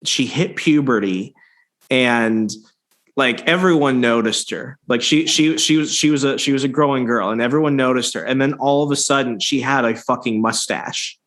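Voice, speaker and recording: A man's voice: medium pitch, normal speed, fairly bright tone. A man hosting a podcast, telling stories in a loose, profane, casual chat with many restarts. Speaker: podcast host.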